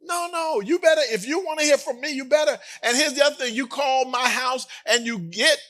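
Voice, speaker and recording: A man preaching with a high, bright, ringing voice. He moves from easy storytelling into emphatic exhortation and slips in teasing, conversational asides to his congregation. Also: fairly quick. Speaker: pastor. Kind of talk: sermon.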